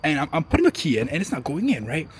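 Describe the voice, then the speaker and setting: A man's voice: fairly high pitch, huge pitch swings, very fast, a little hiss or hum. A young man chatting casually to a handheld camera as a travel vlogger, swearing often and rambling through his stories. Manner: profane, rambling storyteller.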